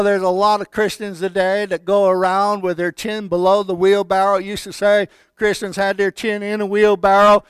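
A man preaching a sermon with fervor, swinging from quiet talk up to shouted declarations. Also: sits high, clear, resonant tone, no room sound. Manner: fervent, rising to shouted declarations.

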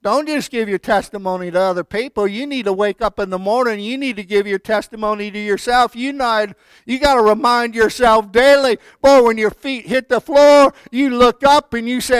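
Fervent high-voiced male preacher. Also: moderate pace, smooth, no echo. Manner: fervent, rising to shouted declarations. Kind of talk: sermon.

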